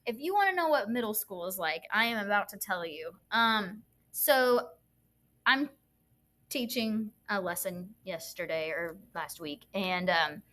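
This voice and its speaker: A woman's voice: medium pitch, measured pace. A woman teacher co-hosting a podcast, telling funny classroom stories in casual chat and acting out the quotes. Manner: animated storyteller acting out quotes, laughs often.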